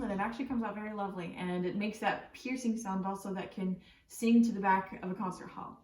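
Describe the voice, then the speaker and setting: A woman voice teacher explaining warm-ups in a relaxed, chatty way, with frequent ums and likes. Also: medium pitch, brisk. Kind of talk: casual spoken singing lesson. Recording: roomy echo from a distant mic.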